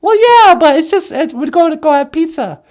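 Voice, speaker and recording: A woman's voice: very high-pitched, animated, moderate pace. A performer voicing a cheerful, giggly young woman who teaches Ojibwe words. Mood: eager. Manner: bright, giggly, eager.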